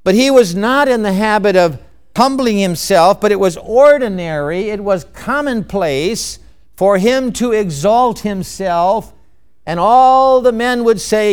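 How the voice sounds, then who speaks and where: A man preaching a sermon, emphatic and measured, with frequent rhetorical questions. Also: high voice, lively intonation, smooth.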